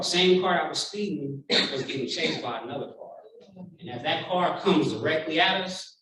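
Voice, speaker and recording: A man in his thirties giving a keynote speech to a large room, telling a personal story with feeling and acting out what people said. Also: a little high. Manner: heartfelt, animated storytelling with acted-out quotes. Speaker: keynote speaker. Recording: very echoey hall, voice from far off.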